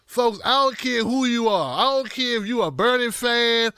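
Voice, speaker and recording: Bright-voiced man doing animated political commentary. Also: very high voice, normal speed, few pauses, clean tone, dry recording, clean studio sound. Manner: animated, joking, swings between shouting and mumbling. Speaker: host.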